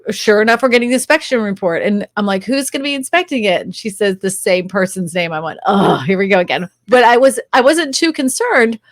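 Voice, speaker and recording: A woman, a real estate agent, chatting as a guest, telling lively stories and laughing often. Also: mid-range voice, fairly quick, hardly any pauses, no echo, clean studio sound. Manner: animated storyteller, laughs often, acts out quotes. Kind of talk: casual interview chat.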